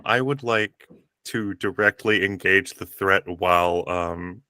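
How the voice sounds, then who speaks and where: A man playing a tabletop game, describing his hero's moves in halting, rambling bursts and laughing at his own lines. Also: sits low, steady tone, sharp tone, dry recording, studio quality. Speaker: player.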